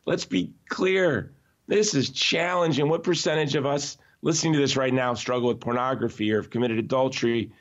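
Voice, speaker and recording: Man, podcast guest, emphatic and animated, mid-range voice, slightly dull lo-fi audio. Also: mid-range voice, brisk. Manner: emphatic, animated storyteller who often restarts sentences. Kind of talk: conversational podcast interview.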